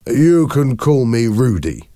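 A man's voice: lowish voice, expressive, measured pace, dry recording, studio quality, pitched above the performer's own voice. A man voicing a nervous, blustering bully of a man in a storybook reading, with a defensive delivery.

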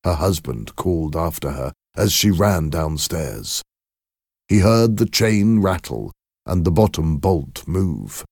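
Slow, deep-voiced male storyteller. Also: no echo, clean studio sound. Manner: slow, measured, expressive storytelling. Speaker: narrator. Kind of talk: scripted story narration.

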